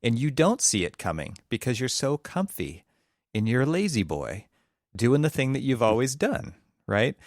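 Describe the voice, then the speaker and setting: A man's voice: mid-range voice, sing-song, normal speed, no room sound, studio quality. A man co-hosting a casual architecture podcast, talking with emphatic, preachy energy. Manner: emphatic, preachy about disruption. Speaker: podcast co-host. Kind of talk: casual conversation. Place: California.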